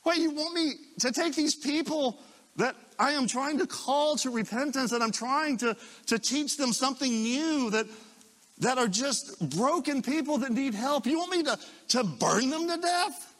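A preacher acting out Jesus, pleading and earnest. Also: male voice, very high voice, expressive, measured pace, a bit bright, big-room sound, voice pushed up, heavily acted. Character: Jesus, a patient, pleading grown man.

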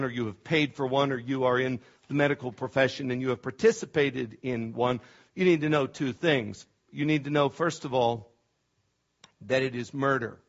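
A middle-aged man preaching a sermon as pastor, impassioned and emphatic, often stumbling over restarts. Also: medium pitch. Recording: dull lo-fi sermon recording.

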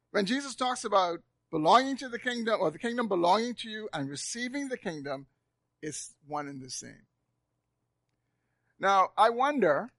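Preaching to his congregation in a church sanctuary, a man with a high voice swings sharply in loudness, from near-whisper to loud, and repeats words to drive points home. The recording is close and dry.

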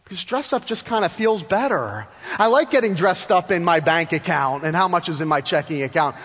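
A man with a fairly high voice preaches a lively sermon, pressing his listeners with rhetorical questions and acting out the people he quotes. His voice rings out through the long reverb of a large church hall. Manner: animated, asks the congregation rhetorical questions; tells stories, acts out quoted voices. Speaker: pastor.

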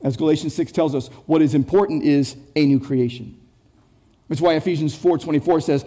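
This is a pastor giving an expository sermon, his voice notably high, soft and mellow, his delivery brisk. He drives points home with repeated phrases and frequent word restarts, and he puts questions directly to his listeners.

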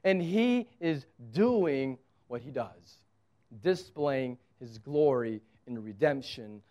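A man's voice: medium pitch, expressive, slow, mellow. A man preaching a sermon as pastor, conversational and emphatic, with touches of humor.

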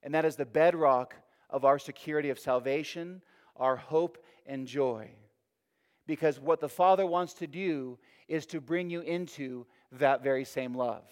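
A man preaches a sermon, his fairly high voice rising and falling as he presses each point and repeats phrases for weight. His words ring out with a long reverb from a large hall. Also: measured pace.

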